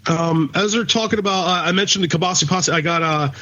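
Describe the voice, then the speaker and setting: A man's voice: on the high side, quick pace, pushed and bright, highs cut off. A man with a Philadelphia accent co-hosting a podcast in casual chat, rambling, swearing freely and drifting off topic. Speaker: podcast co-host.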